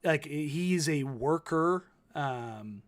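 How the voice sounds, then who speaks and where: Man, thirties, casual sports talk co-host, rambling with fillers, a bit high-pitched. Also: animated, drawn-out words, crowd noise. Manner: rambling, filler-heavy storytelling.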